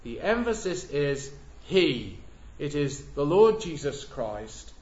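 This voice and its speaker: Male preacher, slow and emphatic, slightly high voice, echoey dull recording. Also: big pitch swings, darkish tone. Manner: measured, emphatic, stresses repeated words. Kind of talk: sermon. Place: church. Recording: echoey church, dull lo-fi sound.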